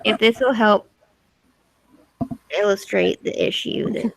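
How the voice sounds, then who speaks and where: A woman narrating and refereeing a tabletop role-playing game in a casual, relaxed way. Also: mid-range voice, slow pace, gravelly, no echo. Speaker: game master.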